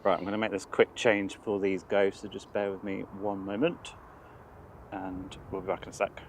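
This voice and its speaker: A man with a low, bunged-up voice from a cold co-hosts in a loose, chatty manner. He talks easily and informally. A light background noise sits under his voice. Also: normal speed. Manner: chatty and relaxed. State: congested from a cold. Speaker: co-host. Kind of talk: casual live-stream chat.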